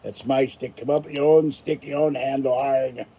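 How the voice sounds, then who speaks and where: Tired older man with a dark voice. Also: mid-range voice, fairly even intonation, normal speed, slight background noise, rough recording. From Pittsburgh, USA. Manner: rambling, grumbling asides. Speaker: channel host. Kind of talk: casual live stream sign-off chat.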